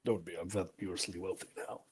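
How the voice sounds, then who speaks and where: A man's voice: low-pitched, fairly quick, darkish tone, husky. A man playing a character in a tabletop game, speaking drily and formally, with wry asides. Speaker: player.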